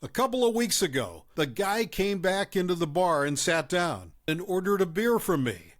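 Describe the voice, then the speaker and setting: A man reading stories aloud in an expressive, storytelling manner. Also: high-pitched, normal speed. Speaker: story narrator.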